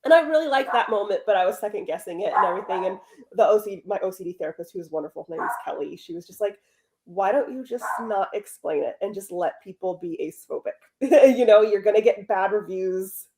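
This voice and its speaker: A woman's voice: medium pitch, expressive, noisy background. A woman writer chatting casually about her novel, often stopping and restarting her sentences. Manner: hesitant, halting, many restarts. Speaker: writer sharing her work. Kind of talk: casual chat.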